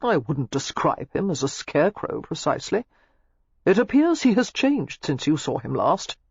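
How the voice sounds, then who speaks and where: A reader voicing a calm nobleman husband who speaks evenly with dry amusement. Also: on the high side, normal speed, gravelly, breathy edge, no room sound, dull audio, exaggerated voice. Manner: even, dryly amused. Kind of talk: audiobook character voice.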